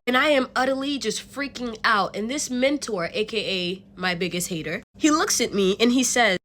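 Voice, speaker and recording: A young woman telling a storytime vlog in an animated, slangy way, with swearing and laughter. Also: a little high, moderate pace, hardly any pauses. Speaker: vlogger.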